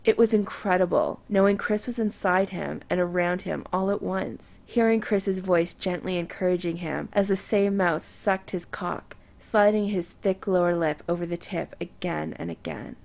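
Gravelly woman reading a story aloud. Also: lowish voice, moderate pace, few pauses, darkish tone. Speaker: narrator. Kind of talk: reading romance fiction aloud.

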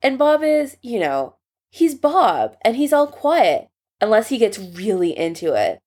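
Woman reading a cheery frank young dude on the phone, lively voice. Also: fairly high pitch, measured pace. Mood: cheerful.

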